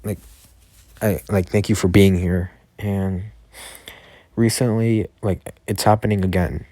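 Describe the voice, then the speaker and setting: A man voicing a calm, persuasive male head of a school and defense force, in a low-key, hesitant way with many fillers. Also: measured pace, no echo. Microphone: Discord voice chat.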